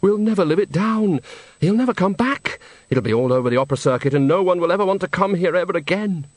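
A man voicing a fretful middle-aged opera manager in a storybook reading, high and wailing. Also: animated, quick pace, dry recording. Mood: despairing.

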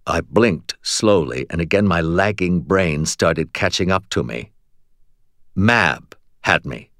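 Man narrating an audiobook, low and unhurried. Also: expressive, a bit bright, no room sound, clean studio sound. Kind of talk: first-person scripted narration.

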